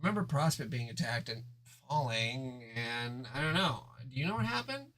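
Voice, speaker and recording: A man's voice: mid-range voice, animated, normal speed, pushed and bright. A man voicing a grumpy, easily annoyed young human girl in an irritable, whiny way, as he reads a webcomic aloud with voices.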